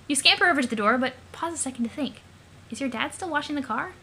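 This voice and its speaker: A young woman reading a webcomic aloud, excitable and giggly, swearing casually between lines. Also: sits high, quick pace, slight background noise. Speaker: let's play narrator.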